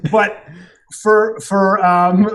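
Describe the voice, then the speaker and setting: A man's voice: high-pitched, flat delivery, extremely slow, a bit bright. A man guesting on a podcast as a comedian, telling rambling, profane, self-mocking stories in casual chat.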